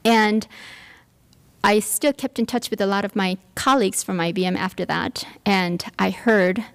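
A woman's voice: mid-range voice, fairly even intonation, moderate pace, gravelly. A woman giving a workshop talk, telling a personal story with many fillers and restarts. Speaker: workshop speaker. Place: lecture room.

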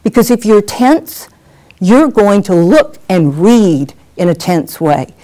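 A middle-aged woman teaching a workshop on presenting on camera, animated and acting out examples as she talks. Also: medium pitch, slow pace. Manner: lively, animated, acts out examples. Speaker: on-camera skills coach. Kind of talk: workshop lesson.

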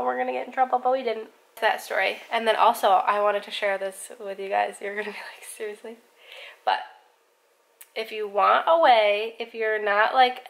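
A young woman from the United States chatting casually on her vlog, with lots of "like" and a quiet, almost whispered tone at times. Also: medium pitch, creaky, rough recording. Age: young adult. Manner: chatty, lots of "like", drops to a near whisper when tasting. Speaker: vlogger.

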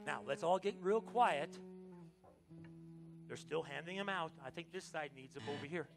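Animated American pastor with a gravelly voice. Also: male voice, fairly high pitch, a little slow, music in the background. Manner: animated, joking with the congregation, sudden loud exclamations. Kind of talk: lively Palm Sunday sermon. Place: church sanctuary.

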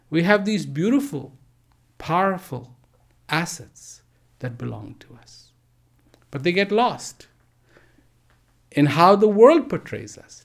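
A man telling a parable and answering questions in a measured way, pausing often. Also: fairly high pitch. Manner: slow, measured, pauses often. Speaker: speaker. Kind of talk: parable and Q&A talk. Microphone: live online stream.

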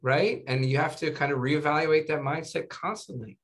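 A man guesting as a physician in a laid-back interview speaks at normal speed in a voice on the high side. Animated anecdotes pour out of him, peppered with "right?" and "you know."

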